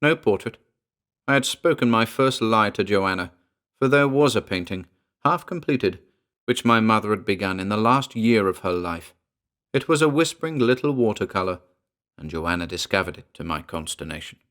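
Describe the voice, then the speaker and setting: Guy reading a spooky story aloud, low voice, steady and earnest. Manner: measured, earnest first-person storytelling. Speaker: audiobook narrator. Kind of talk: scripted narration.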